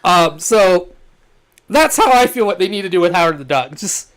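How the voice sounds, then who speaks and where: A man co-hosting a podcast in casual chat, animated and laughing often as he pitches ideas. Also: normal speed. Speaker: podcast co-host.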